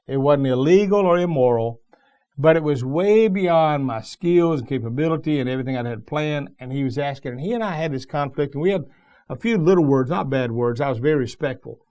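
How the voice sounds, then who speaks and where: Middle-aged pastor, man, folksy sermon storyteller, voice sits a bit high, emphatic and plain-spoken. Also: a little mellow.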